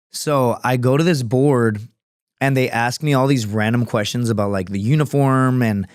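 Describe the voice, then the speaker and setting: A man's voice: medium pitch, no room sound. Male veteran podcast guest, profane rambling storyteller, dry close studio sound. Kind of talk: casual storytelling chat.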